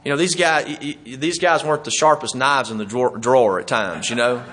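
A man's voice: mid-range voice, fairly quick, a bit bright. A man preaching a sermon in a folksy, conversational way, chuckling as he teaches.

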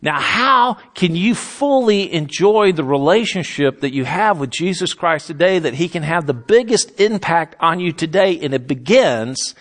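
A man's voice: on the high side, fairly bright tone. A man preaching a sermon as pastor, earnest and emphatic, with self-mocking humorous asides.

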